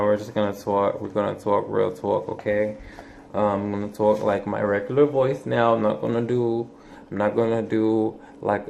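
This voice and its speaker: A man's voice: fairly low pitch, vocal fry, darkish tone, slight background noise. A man in his twenties talking casually to camera in a rambling vlog, with lots of fillers, restarts and swearing. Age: 20s. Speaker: vlogger.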